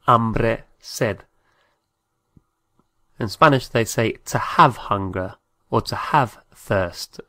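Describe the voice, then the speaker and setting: A man's voice: lowish voice, takes it slowly, pauses often, sharp tone, dry recording. A man giving a patient language lesson, spelling out words letter by letter. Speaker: Spanish teacher.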